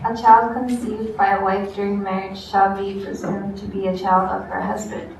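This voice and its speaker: A woman's voice: mid-range voice, little pitch movement, normal speed, slight background noise. A woman student reading a legal text aloud in class. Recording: echoey classroom from far off.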